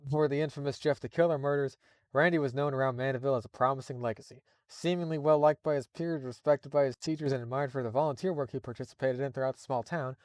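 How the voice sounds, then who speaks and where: A man's voice: medium pitch, fairly even intonation, quick pace, no echo, studio quality. A man reading a horror story live, breaking off for exasperated, profane asides. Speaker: streamer reading creepypasta.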